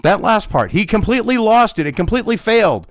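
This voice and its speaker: A man's voice: sits high, big pitch swings, fast, dry recording. A man ranting angrily in a profane commentary video, talking as host.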